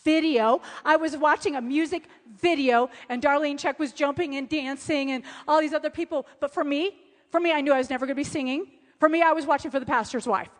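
A woman preaching a sermon at a conference, telling stories with lively acted-out quotes. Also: high voice, brisk. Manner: animated storytelling, acting out quotes. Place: large hall. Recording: reverberant hall.

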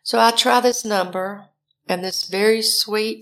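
A woman's voice: medium pitch, steady tone, takes it slowly, a bit bright. An older woman from Alabama, telling a personal story and animatedly acting out her own panicked phone calls.

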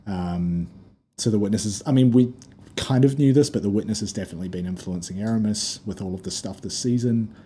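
A man's voice: lowish voice, fairly quick, mellow, a little hiss or hum. A man co-hosting a podcast, chatting casually about a video game in a loose, rambling way with lots of fillers and restarts. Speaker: podcast co-host.

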